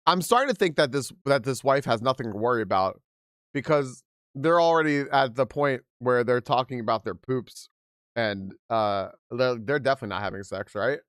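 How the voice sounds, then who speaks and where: A man's voice: medium pitch, animated, normal speed, fairly bright tone, clean tone, no echo, studio quality. A young man hosting a livestream, reading a post aloud and reacting in casual chat, laughing often and restarting his sentences. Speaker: livestream host.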